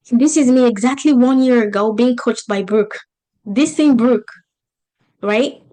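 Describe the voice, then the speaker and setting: Woman business coach, non-native English accent, slightly high pitch, emphatic motivational delivery over a video call. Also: a little mellow. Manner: motivational, emphatic, rhetorical questions. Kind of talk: webinar teaching.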